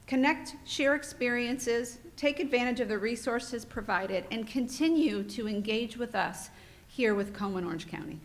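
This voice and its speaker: A woman giving welcome remarks at a conference, heartfelt and a little off-script, speaking into a microphone in a hotel meeting room. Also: medium pitch. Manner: warm, heartfelt, a bit off-script and emotional.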